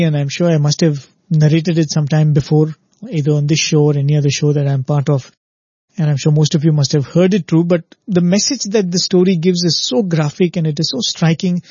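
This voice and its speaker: A man's voice: a little high, a little mellow, breathy edge, no room sound, muffled recording. A man giving an earnest spiritual discourse on a show, telling parables and often asking "right?". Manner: earnest, repetitive "right?" checks, storytelling.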